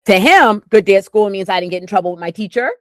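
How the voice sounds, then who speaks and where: Animated woman telling stories, dry sound. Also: medium pitch, fast, dry recording. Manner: animated storytelling with acted quotes. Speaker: co-host. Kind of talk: casual chat.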